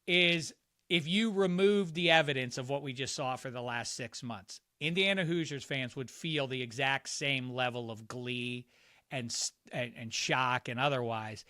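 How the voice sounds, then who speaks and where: A middle-aged man from around Pittsburgh with a warped, hard-to-place American accent, chatting as a guest on a sports podcast, animated and jokey with quick comic impressions. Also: mid-range voice, no room sound, clean studio sound. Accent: warped, hard-to-place Pittsburgh-influenced American. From Pittsburgh area. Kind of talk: casual sports podcast chat.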